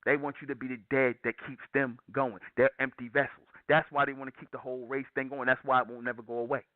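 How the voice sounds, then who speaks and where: A man's voice: mid-range voice, little pitch movement, quick pace, no room sound. Man, channel host, impassioned raised-voice preaching monologue, tinny phone-like audio. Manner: raised, declaiming voice, hyped up.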